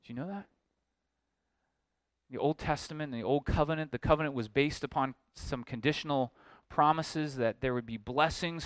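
A man's voice: on the high side, clear, resonant tone, no room sound. Earnest preaching man, dry close sound. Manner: earnest preaching that builds to emphatic, rising questions. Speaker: pastor. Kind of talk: expository sermon.

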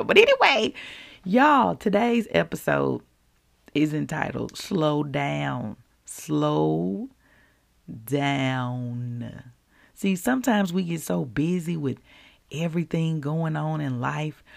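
A woman hosting a podcast, giving a casual, preacherly faith devotional in an animated, folksy way. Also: sits low, gravelly. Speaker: podcast host.

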